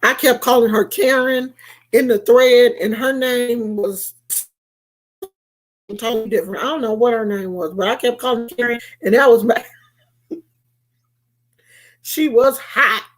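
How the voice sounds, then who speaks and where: A woman's voice: on the high side, unhurried, pauses often. A woman telling a story in a casual, sassy rant. She is emphatic and acts out the people she quotes in raised voices. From United States. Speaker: vlogger. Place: California.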